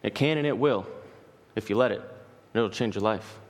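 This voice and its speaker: A man's voice: on the low side, moderate pace. A man preaching a sermon in earnest, emphatic, repeating key phrases as he builds his points. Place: church sanctuary. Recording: long hall reverb.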